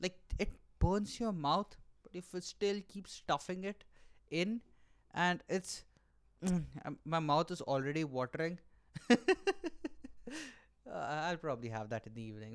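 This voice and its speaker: A young man who hosts a solo comedy podcast, animated and profane and mocking himself. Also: a little high, unhurried, long pauses, clear, resonant tone. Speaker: podcast host. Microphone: camera mic.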